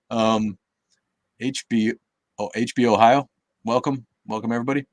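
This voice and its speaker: A man's voice: medium pitch, fairly even intonation, normal speed, dry recording. A man hosting a live Q&A stream in casual chat, rambling and cursing, with many restarts and fillers, reading chat comments aloud.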